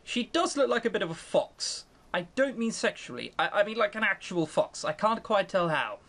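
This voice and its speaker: A young let's-play host reads a visual novel aloud from a home webcam setup, mocking it in a chatty, sarcastic way. Their mid-range voice swings widely in pitch, moves at normal speed, and sounds a bit bright. They sit close to a desk mic.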